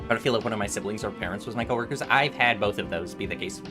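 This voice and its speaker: This gaming streamer, a man in his twenties, tells rambling stories he keeps restarting while chatting casually over background music. His voice is on the low side and his delivery is rapid-fire.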